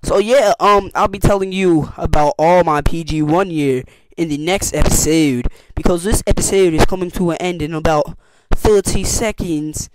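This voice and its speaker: A teenage boy telling camp stories in a casual vlog, slangy and animated, acting out what people said with big jumps in his voice. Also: a little high, moderate pace, slight background noise. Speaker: youtuber.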